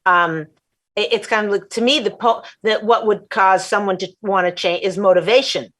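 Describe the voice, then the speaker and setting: A woman's voice: mid-range voice, steady tone, moderate pace, a bit bright. A woman hosting a talk show, interviewing a guest with enthusiasm and steering the conversation on. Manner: enthusiastic, steers to the next point.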